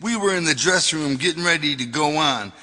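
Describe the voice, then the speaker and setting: A man narrating his own memoir in a loose, swearing storytelling manner. His voice is bright and a little high for a man, and a long reverb trails behind it. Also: expressive, fairly quick. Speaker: author reading his memoir. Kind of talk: audiobook narration.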